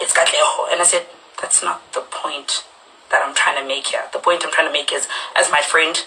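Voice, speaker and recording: Woman, bright clear voice, lower pitch, animated storytelling, faint background noise. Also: rough recording. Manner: animated storytelling, acts out quotes with sharp jumps in pitch. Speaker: reality show cast member on a live stream. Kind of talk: recounting a conflict on a live stream.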